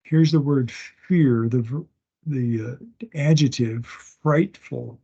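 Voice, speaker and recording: A male instructor giving a recorded class lecture from home, talking slowly and haltingly, often pausing and restarting, and sounding out words one at a time and repeating them. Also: mid-range voice, warm tone. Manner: slow, halting, with many restarts and fillers. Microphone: online meeting recording. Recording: dull lo-fi meeting audio.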